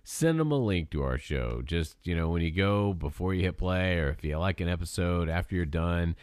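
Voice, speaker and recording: Older male co-host, low voice with wide swings, playful banter. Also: expressive, normal speed, a little mellow, clean tone, no echo, studio quality. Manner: playful, laughs easily. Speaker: podcast co-host. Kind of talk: casual chat.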